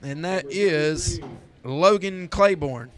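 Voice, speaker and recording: High-voiced Southern man calling football. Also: takes it slowly. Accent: Southern American. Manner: easygoing, rambling, corrects himself on air. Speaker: play-by-play announcer. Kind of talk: local high school football commentary.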